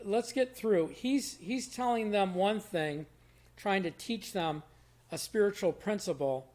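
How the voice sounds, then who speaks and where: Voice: mid-range voice, a little mellow. A Bible teacher giving a short devotional in a casual, conversational way, explaining verses in everyday words and often restarting phrases. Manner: repeats and restarts phrases while thinking aloud.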